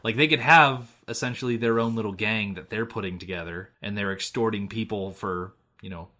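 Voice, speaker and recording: A man's voice: lowish voice, a little fast, sharp tone. A man from the United States co-hosting a film podcast, talking in a chatty, rambling way and laughing often. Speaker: podcast co-host. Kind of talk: casual chat.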